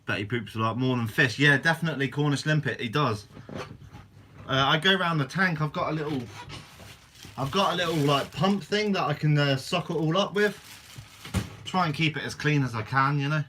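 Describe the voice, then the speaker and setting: A young man hosts a casual live stream, reading out viewer questions and answering them in an easygoing, chatty way. His voice is bright and forward, sitting a little high for a man. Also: normal speed, slight background noise. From Guernsey, Channel Islands. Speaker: fishing channel host.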